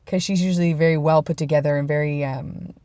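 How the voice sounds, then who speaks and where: A woman's voice: low voice, steady tone, fast talker, dry recording. A young adult woman telling rambling, self-deprecating stories in a casual vlog. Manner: rambling, self-deprecating, drops to a hush for quoted lines. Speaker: vlogger.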